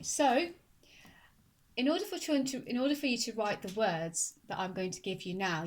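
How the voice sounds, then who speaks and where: A woman teaching a phonics lesson to young children, speaking slowly and clearly and sounding out words syllable by syllable. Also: mid-range voice, heavy background noise. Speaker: primary school teacher.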